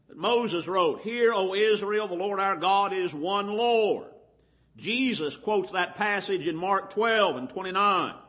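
Male preacher, high tense voice, deliberate emphatic sermon reading. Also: a bit bright. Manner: deliberate, stretches key words slowly. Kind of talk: Bible lesson sermon.

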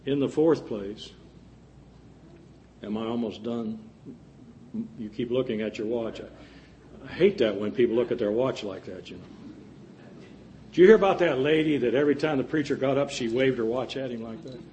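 A man's voice: mid-range voice, normal speed, pauses often, darkish tone, lo-fi sound, slight background noise. A male preacher giving an earnest sermon, with folksy jokes and asides to the congregation.

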